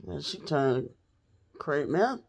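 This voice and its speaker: Gravelly, blunt woman telling a story. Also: low voice, sing-song, takes it slowly, a little mellow. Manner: blunt and profane, talks straight to viewers. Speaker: storytelling vlogger. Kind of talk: casual storytime monologue.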